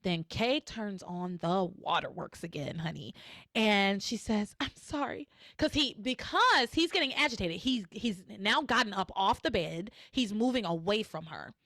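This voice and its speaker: A woman's voice: mid-range voice, expressive, moderate pace, fairly bright tone, no room sound, clean studio sound. A woman podcast host in casual chat, animatedly retelling scenes and acting out the quotes.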